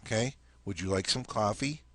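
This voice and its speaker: Male teacher, low-ish voice, patient step-by-step explainer, dry close sound. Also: normal speed, fairly bright tone, dry recording. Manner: explains step by step, often checks in with "okay?". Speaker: language teacher. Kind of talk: casual spoken lesson.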